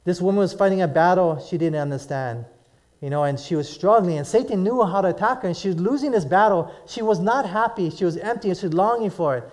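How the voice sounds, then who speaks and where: A man's voice: sits high, fast, a little mellow. A middle-aged man from Hawaii preaching a sermon in a casual, conversational way, often putting questions to his listeners. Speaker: pastor.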